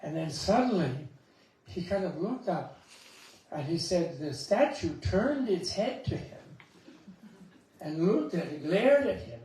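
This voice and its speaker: A man giving a Buddhist talk, an animated storyteller with chuckling asides, recorded in a temple hall. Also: high voice, unhurried. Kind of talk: dharma talk with anecdotes. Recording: echoey hall, mic at a distance.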